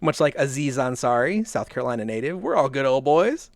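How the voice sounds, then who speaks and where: A man hosts a casual podcast, telling rambling stories and chuckling often. His voice is medium-pitched. It comes through a close, dry mic with no room sound. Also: very animated, brisk, no room sound. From American South. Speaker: podcast host.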